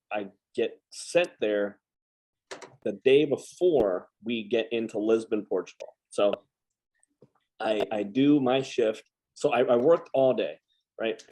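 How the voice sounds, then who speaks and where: A man's voice: lowish voice, darkish tone, poor audio. A man hosting a casual chat, telling stories in a rambling, easy manner. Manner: chatty, rambling, lots of fillers and restarts. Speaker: podcast host and veteran.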